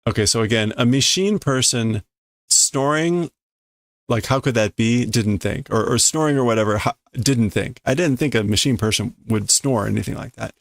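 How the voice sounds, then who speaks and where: A man's voice: mid-range voice, moderate pace, gravelly, dry recording, studio quality. A man casually reading a manga aloud on a live stream, sounding out Japanese lines and translating them with amused chuckles.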